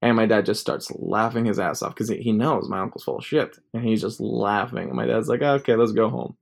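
A man's voice: on the low side, steady tone, fairly quick, creaky. A young man telling a personal story in a casual, rambling way, full of filler words. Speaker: vlogger.

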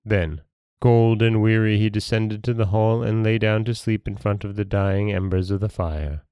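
A man hosting a podcast and reading a folktale in a calm, measured storytelling manner. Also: fairly low pitch, clean tone, no room sound, highs cut off.

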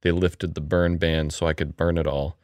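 Guy with a real low voice chatting on a podcast, dry close sound. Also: little pitch movement, normal speed, a little mellow, dry recording. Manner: storytelling, laid-back. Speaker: podcast co-host. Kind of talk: casual chat.

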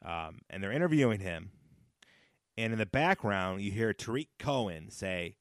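A man hosts a casual solo podcast, chatty and rambling, often laughing at his own jokes and repeating phrases for emphasis. His voice is fairly low, expressive and fairly bright, at normal speed. The sound is clean studio quality with no echo.

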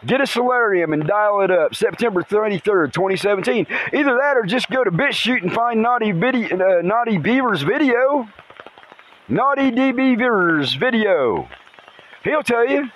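A man hosting a podcast outdoors in a rainstorm by a river, talking in an excitable, rambling way and swearing casually. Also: high voice, a little hiss or hum, poor audio. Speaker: podcast host. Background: faint rain and river ambience.

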